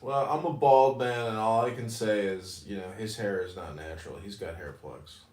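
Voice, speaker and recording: A man, a political candidate, teasing others in a casual chat in a dry, deadpan way. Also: on the low side, moderate pace, roomy sound, far from the mic.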